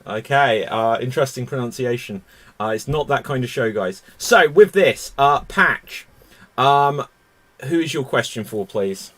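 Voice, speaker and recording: A man hosting a live online improv comedy show, brisk and amused, often repeating himself. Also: medium pitch, expressive, fairly bright tone.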